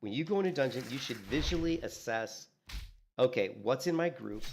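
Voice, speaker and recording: A man streaming a game, chatting casually and telling animated stories, acting out what others said and filling in with "you know" and "like". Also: mid-range voice, normal speed, vocal fry, background noise. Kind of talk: casual gaming stream chat.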